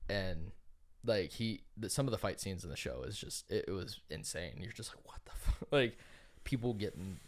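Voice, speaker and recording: A man's voice: low voice, expressive, moderate pace, a little hiss or hum. A man co-hosting a podcast in casual chat, telling a long story full of "like" fillers and casual swearing. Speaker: podcast co-host.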